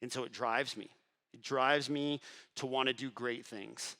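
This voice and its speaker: A middle-aged man speaking to a crowd at a networking event, telling his story with energy. He acts out the other voices in his story, drops to a hush and then climbs back up. His pitch sits in an ordinary middle range. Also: unhurried. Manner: animated storyteller acting out dialogue, swings between hushed and loud. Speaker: entrepreneur giving a motivational talk. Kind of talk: motivational storytelling speech. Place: event hall before an audience.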